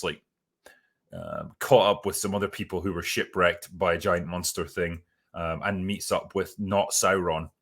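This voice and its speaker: A man's voice: deep voice, a bit bright. A man hosting a casual spoken review, sardonic and profane, with plenty of ums and uhs. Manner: sardonic and profane, with many fillers. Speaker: host reviewing a TV series.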